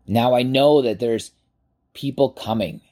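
A man in his forties, a podcast host, telling a personal story in a casual, animated way and swearing freely. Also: mid-range voice, measured pace. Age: 40s.

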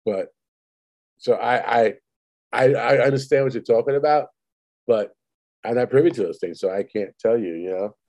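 Blunt, mellow-voiced man. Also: mid-range voice, moderate pace, pauses often. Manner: blunt, profane, matter-of-fact. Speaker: podcast co-host. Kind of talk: casual chat.

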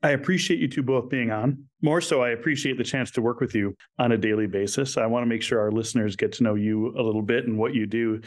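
A male podcast host with a friendly, upbeat manner. His voice sits at a middling pitch, and he introduces guests and steers the conversation. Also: steady tone, quick pace, hardly any pauses. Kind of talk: podcast hosting.

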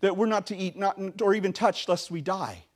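A man's voice: high-pitched, fairly quick, pitched above the performer's own voice. A man voicing a flustered first woman who hurries through her explanation.

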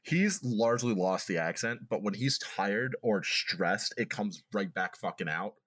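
Low-voiced man, joking podcast banter. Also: expressive, fairly bright tone. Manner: quick joking asides, swears freely. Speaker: podcast co-host. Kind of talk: casual chat.

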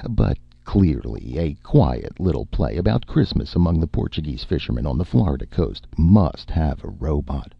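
A testy, sarcastic man snaps his words in a low, restrained voice, as a man acts him out. His voice is very deep and husky, with lively swings in pitch. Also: moderate pace, few pauses, dry recording, full character voice. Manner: curt, sarcastic, restrained anger. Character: irritable male film writer, curt and sarcastic. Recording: muffled lo-fi recording.

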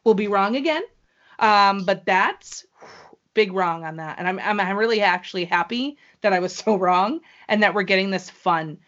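A woman co-hosting a casual podcast, excitable and gushing as she talks. Her voice sits at an ordinary pitch for a woman. The recording sounds dull and lo-fi. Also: normal speed. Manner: excitable, gushing fan talk. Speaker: wrestling show co-host.

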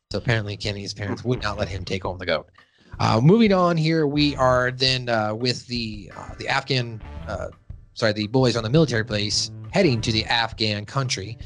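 A man's voice: lowish voice, normal speed, fairly bright tone, faint music behind. Joking male podcast host. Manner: loose, joking, reads sponsor plugs. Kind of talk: casual podcast chat.

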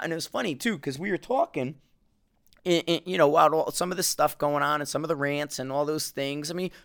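Rambling, fast-talking East Coast man. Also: on the high side, vocal fry, smooth. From Connecticut, US East Coast. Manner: rambling, animated storytelling with frequent cursing and restarts. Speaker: podcast host. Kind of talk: casual monologue.

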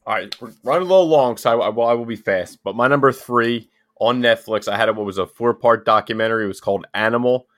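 A man co-hosting a casual podcast, talking in a brisk, relaxed way. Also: medium pitch, no room sound, clean studio sound. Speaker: podcast co-host.

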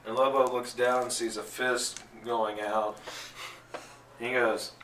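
Slow-talking man running a tabletop game. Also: mid-range voice, a little hiss or hum. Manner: animated storytelling, jokey. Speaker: game master. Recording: echoey room, distant mic, faint ambience.

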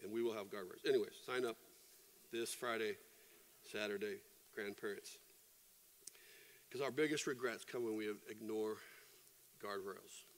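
A middle-aged man preaching a sermon as pastor, telling stories animatedly and acting out sound effects and quoted voices. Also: mid-range voice. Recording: long hall reverb.

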